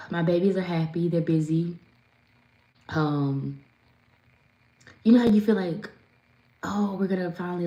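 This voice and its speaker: A woman's voice: deep voice, dark tone. A woman, chatting casually with viewers on a live stream from home and greeting them by name. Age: 30s. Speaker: lifestyle vlogger and host. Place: at home, indoors. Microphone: phone on a tripod. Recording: roomy echo with faint ambience.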